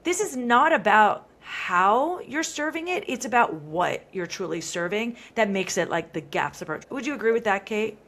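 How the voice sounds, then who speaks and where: A woman in her thirties hosting a podcast, talking in a chatty, animated way full of "like" fillers. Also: medium pitch, normal speed, hardly any pauses. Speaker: podcast host. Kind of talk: casual conversational chat.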